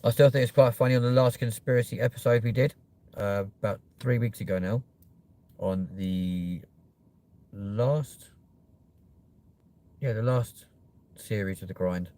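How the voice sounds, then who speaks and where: A man's voice: on the low side, measured pace, long pauses, warm tone. A young man hosting a live stream, chatting casually and joking with viewers, with plenty of swearing. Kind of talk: rambling live-stream chat.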